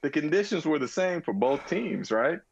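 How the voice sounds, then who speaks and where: A man's voice: fairly high pitch, very animated, normal speed, vocal fry, breathy edge, no echo, lo-fi sound. A man co-hosting a casual sports talk show, arguing his points emphatically, almost like preaching. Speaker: co-host.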